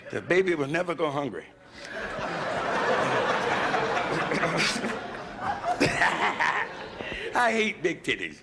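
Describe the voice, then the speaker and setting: A gravelly American man works a live crowd with a raunchy stand-up set. He drawls and chuckles at his own jokes, and his pitch swings widely. The stage recording is noisy with hiss. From United States. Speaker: stand-up comedian. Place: live comedy stage with audience.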